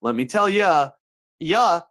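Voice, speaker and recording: A man with a high-pitched, fairly bright voice hosts a comedic monologue show, speaking slowly but animatedly. He jokes around with playful asides and put-on folksy voices.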